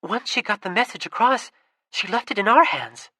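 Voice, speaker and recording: A woman's voice: medium pitch, lively intonation, moderate pace, pushed and bright, no room sound, studio quality, voice pushed up. A woman voicing a careful, questioning girl who is the earnest older sister in a storybook. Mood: reasoning.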